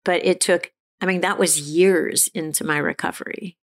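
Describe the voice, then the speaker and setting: A middle-aged woman candidly telling her personal recovery story as an interview guest, halting and restarting as she talks. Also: on the low side, fairly even intonation. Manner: halting, frequent restarts and fillers, laughs now and then.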